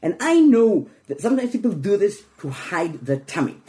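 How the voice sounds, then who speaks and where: A woman's voice: medium pitch, sing-song, moderate pace, mellow. A middle-aged woman comedian from Israel, chatting frankly and wryly on a podcast, swearing freely. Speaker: comedian guest. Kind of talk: casual chat.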